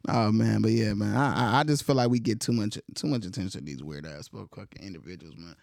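A man in his twenties co-hosting a casual chat, loose and profane, laughing loudly and mimicking people. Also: on the low side, a little fast, creaky, no room sound, studio quality. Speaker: podcast co-host.

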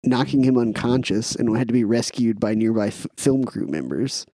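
A man co-hosting a casual film podcast, chatting and reading trivia aloud in a relaxed way. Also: medium pitch, moderate pace, no room sound, clean studio sound. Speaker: podcast co-host.

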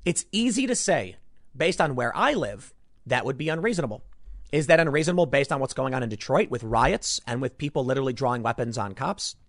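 Emphatic man from Chicago, lively pitch. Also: fairly quick, dry recording, studio quality. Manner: emphatic, rambling, repeats words. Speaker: commentator. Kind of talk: opinionated news commentary monologue.

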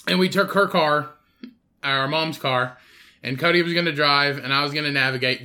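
Bright-voiced young man rambling casually. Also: fairly high pitch, fairly even intonation, brisk. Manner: rambling, profane storyteller. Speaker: podcast host. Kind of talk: casual chat.

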